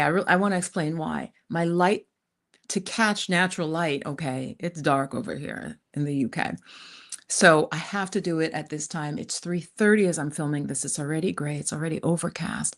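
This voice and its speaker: A woman hosting a tarot live stream, chatting casually with viewers in a rented countryside room. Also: low-pitched. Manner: chatty, warm asides to viewers, frequent "you guys". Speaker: tarot reader, channel host.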